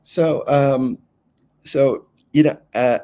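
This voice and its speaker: A man's voice: mid-range voice, steady tone, drawn-out words, warm tone. A man answering interview questions in a casual, rambling way, full of fillers and restarts. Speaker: guest author.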